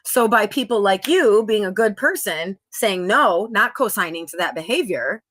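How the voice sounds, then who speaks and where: A woman's voice: medium pitch, animated, moderate pace, few pauses, a bit bright. A middle-aged woman hosting a live stream, chatting upbeat with viewers and reading out their comments. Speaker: livestream host.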